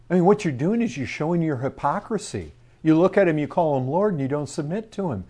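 A man preaching a sermon, asking his congregation questions, dropping to low murmurs and rising to loud declarations. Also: expressive, brisk, few pauses.

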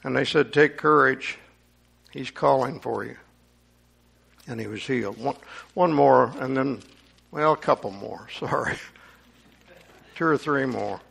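A man's voice: medium pitch, a little slow, creaky, pauses often, fairly bright tone, breathy edge. A man preaching a sermon, reading scripture aloud and commenting on it with rising emphasis.

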